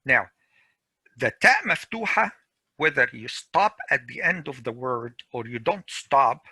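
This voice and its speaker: A middle-aged man teaching a grammar class over a video call, repeating each example slowly and patiently. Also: medium pitch, animated, sharp tone, slightly rough, no room sound. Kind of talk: online class lecture.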